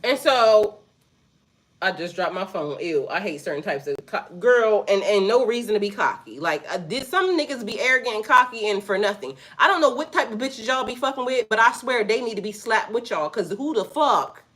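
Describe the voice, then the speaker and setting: A woman's voice: mid-range voice, lively intonation, moderate pace, a bit bright. A woman with a mid-range voice tells a story in a casual vlog. She is blunt and profane. She keeps breaking off to speak straight to her viewers. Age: adult with a son. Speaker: spiritual vlogger.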